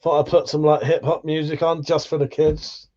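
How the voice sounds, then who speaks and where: Man, livestream host, casual rambling chat, swears a lot, slightly high voice. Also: little pitch movement, normal speed, mellow, highs cut off. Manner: rambling, swears freely, laughs often.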